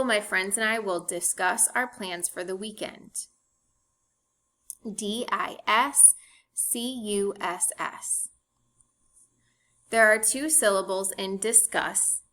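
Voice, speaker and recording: Lady teacher narrating a phonics slideshow, spells words out letter by letter, slow and careful. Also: mid-range voice, pushed and bright. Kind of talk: recorded slideshow phonics lesson.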